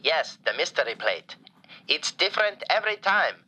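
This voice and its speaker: An actor playing a doting, flamboyant falafel shop owner calling into a radio show, talking in broken grammar with playful deadpan jokes. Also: male voice, on the high side, moderate pace, full character voice. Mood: effusive. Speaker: caller.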